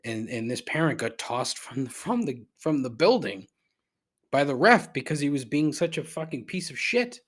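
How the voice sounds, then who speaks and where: A middle-aged man hosting a podcast, rambling through a profane rant that climbs in pitch when he gets riled. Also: very animated, moderate pace. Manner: rambling and repetitive, swears freely, rises in pitch when riled. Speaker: podcast host. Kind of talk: casual profane ranting monologue.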